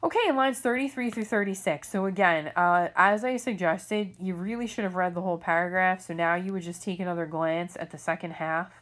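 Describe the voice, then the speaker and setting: Her voice lowish and fairly bright, a woman English teacher moves briskly through reading questions in a recorded remote lesson, barely pausing. She stays patient and explanatory, often checking in with "okay?".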